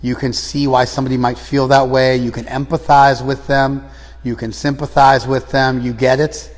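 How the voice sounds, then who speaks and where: Male teacher, mid pitch, probing and repetitive in his questions, long reverb. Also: little pitch movement, moderate pace. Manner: probing, repeats and rephrases questions. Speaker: teacher of a scripture class. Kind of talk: lecture with questions to the class. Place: class room, some students joining by phone.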